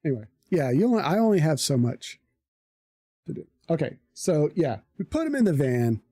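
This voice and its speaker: A live streamer telling a story in a casual, animated way, swearing freely. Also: medium pitch, moderate pace, no room sound, studio quality.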